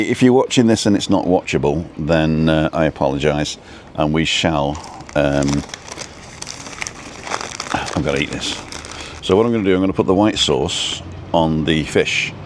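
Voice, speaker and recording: Low-voiced man chatting on a live stream. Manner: rambling, reads out viewer names. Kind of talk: casual live-stream chat. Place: outdoor roadside food stop. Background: faint traffic and building work.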